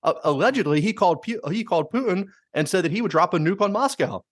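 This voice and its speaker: A man hosting a podcast, chatting casually and bluntly about politics, swearing freely and mimicking politicians in quick asides. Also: sits high, expressive, dry recording. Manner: fast, swearing, mimics politicians in quoted voices. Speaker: podcast host.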